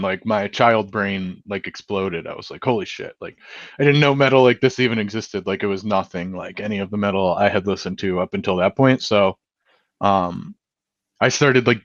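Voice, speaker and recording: Low-voiced man on a dull, dry line. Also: dry recording. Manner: relaxed, lots of "like" and "um" fillers. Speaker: musician guest. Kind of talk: casual interview chat.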